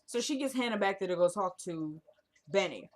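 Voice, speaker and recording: A woman talks through the latest episode of a TV drama in a loose, conversational recap. She is opinionated and reacts strongly to what the characters do. Her voice sits at an ordinary middle pitch for a woman. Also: animated, normal speed. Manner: chatty, opinionated, reacts loudly to the plot. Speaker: TV recap vlogger.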